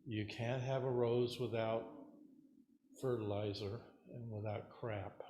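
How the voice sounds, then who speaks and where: A man as Zen teacher giving a dharma talk in a relaxed, rambling, hesitant way, at a meditation center. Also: medium pitch, takes it slowly, slight background noise. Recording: roomy hall echo.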